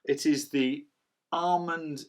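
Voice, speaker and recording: Rambling middle-aged cider reviewer. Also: male voice, on the high side, steady tone, takes it slowly. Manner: rambling, chatty, self-described waffler. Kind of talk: casual product review.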